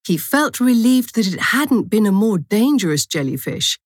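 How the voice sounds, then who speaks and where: A woman narrating a short story for a language course in a clear, measured storytelling manner. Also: mid-range voice, big pitch swings, no room sound, clean studio sound.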